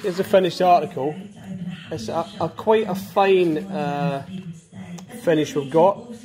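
Man, muffled mask voice, casual workshop commentary, fairly high pitch, busy noise behind. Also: measured pace, crowd noise. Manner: chatty, asks for agreement with tag questions. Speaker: charity workshop vlogger. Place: indoor vehicle workshop.

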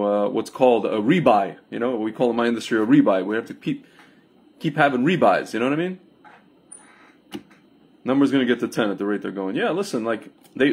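Husky rambling man talking to viewers. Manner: rambling, addresses viewers as "my friends" and "guys"; animated, jumps into mocking high-pitched impressions. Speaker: online commentator. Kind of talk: casual livestream monologue.

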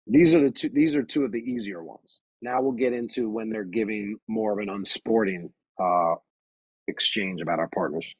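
Husky-voiced man giving firm emphatic advice. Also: fairly low pitch, moderate pace, dry recording, rough recording. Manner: emphatic and firm, repeats key phrases. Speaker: basketball referee trainer. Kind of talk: webinar presentation.

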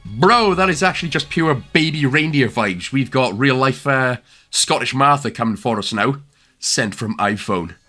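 A young man with a Welsh accent narrates a game walkthrough. His voice is bright and lively, with pitch that jumps around. He jokes and fills pauses with "um" and "uh" as he gives directions. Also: faint music behind. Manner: chatty and jokey, with filler-heavy instructions. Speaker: gaming YouTuber.

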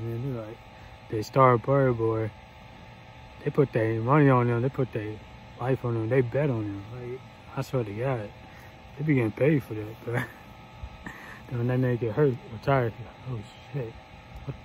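A man's voice: mid-range voice, moderate pace, slight background noise, low-quality recording. A man hosting a casual reaction vlog, laid-back and slangy, laughing often. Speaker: reaction channel host.

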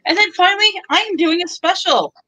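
Bubbly woman with a bright voice pitching deals. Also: animated, moderate pace, poor audio. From Texas. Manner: chatty, bubbly, pushes deals. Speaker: seller on a live online auction. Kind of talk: live sales pitch.

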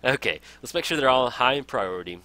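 Upbeat young man with a lively voice. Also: medium pitch, fast talker. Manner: upbeat, enthusiastic, laughs often. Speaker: gaming let's play host. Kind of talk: casual game tutorial commentary.

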